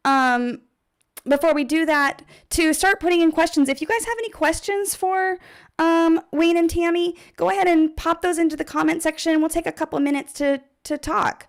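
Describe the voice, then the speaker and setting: A woman's voice: extremely high pitch, steady tone, moderate pace. A woman hosting a charity livestream, chatty and upbeat. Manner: chatty and upbeat, with laughs and fillers. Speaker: livestream host.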